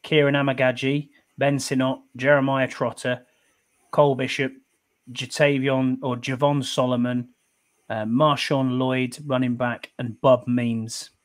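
A man's voice: medium pitch, little pitch movement, unhurried. A man, hosting a casual sports podcast, easygoing and calling everyone "mate" while reading out lists. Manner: easygoing, says "mate" a lot, reads lists steadily. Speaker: podcast host. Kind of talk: casual chat.

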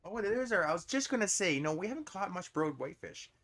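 A man's voice: sits high, big pitch swings, quick pace, fairly bright tone. A man with a Canadian accent giving casual, chatty commentary over a fishing video game, breaking into frequent surprised exclamations. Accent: Canadian English. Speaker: gaming channel host.

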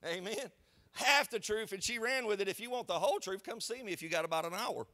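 A man, a pastor preaching a sermon in a church in an animated, conversational storytelling way. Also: high voice, quick pace. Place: church sanctuary.

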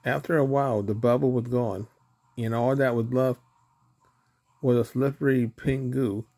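A man narrating a children's storybook aloud in a steady, plain way. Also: mid-range voice, a little slow, gravelly.

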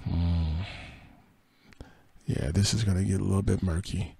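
A podcast host with a dark, gravelly voice reads entertainment headlines and quotes aloud. He drops dry, sarcastic comments between the stories. The sound is close and dry, with no room around it. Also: sits low, fairly even intonation, measured pace, no echo. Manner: reads quotes then adds dry sarcastic asides and laughs. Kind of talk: reading entertainment news with asides.

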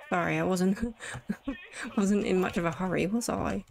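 Woman, gamer, casual commentary, jokey, slow-paced, gravelly. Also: medium pitch, over music. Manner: chatty, jokey, talks to herself. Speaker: let's play gamer.

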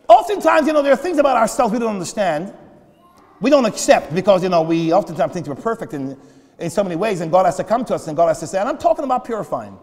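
High-voiced shouting preacher in a reverberant church. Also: male voice, lively intonation, fast talker. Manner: preaching with sudden shouts and acted prayers, repeats words. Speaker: pastor. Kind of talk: sermon. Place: church sanctuary at the pulpit. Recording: long reverb of a church hall.

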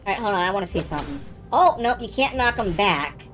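A woman's voice: medium pitch, expressive, quick pace, music in the background. A woman streaming a video game, chatting in amused asides as she plays. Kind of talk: let's play commentary.

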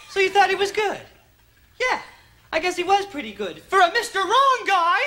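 A man playing a pompous accent teacher in a comedy sketch, with sudden shouts. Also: very high voice, very animated, normal speed. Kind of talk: sketch comedy in front of a live audience. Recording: live studio audience laughter and noise.

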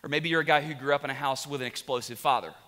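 Male pastor, bright clear tone, animated storyteller, long hall reverb. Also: mid-range voice, racing. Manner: animated, joking storytelling then quiet confession. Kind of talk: sermon. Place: large church auditorium.

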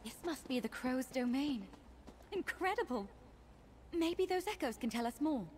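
A woman's voice: high-pitched, lively intonation, moderate pace, darkish tone, a little hiss or hum. An actress voicing an eager, curious young woman scholar companion in a video game, talking with enthusiasm. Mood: excited.

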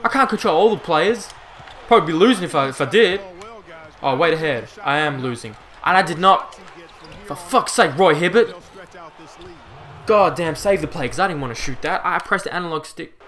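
A young man giving live commentary over his own basketball video game, exasperated and swearing, swinging between loud outbursts and low muttering. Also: lively intonation, moderate pace, long pauses. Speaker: gaming commentator.

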